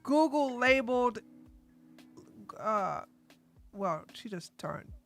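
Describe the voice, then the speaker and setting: A woman hosting a casual livestream, chatting animatedly and breaking into loud outbursts. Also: a little high, big pitch swings, slow, soft background music. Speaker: livestream commentary host.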